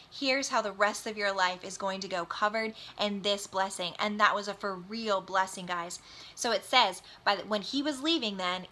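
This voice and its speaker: Woman doing a chill bible study, reads the verses then explains them like she's talking to friends, bright voice. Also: mid-range voice. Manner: conversational, reads scripture aloud then explains it in plain slang. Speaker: Bible teacher. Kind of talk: casual Bible study teaching.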